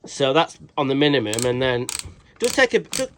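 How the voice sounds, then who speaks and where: A man's voice: mid-range voice, sing-song, moderate pace, a bit bright, a little hiss or hum. A British man reviewing a tool in a casual vlog, rambling and swearing freely with cheeky jokey asides. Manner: rambling, swears a lot, restarts sentences.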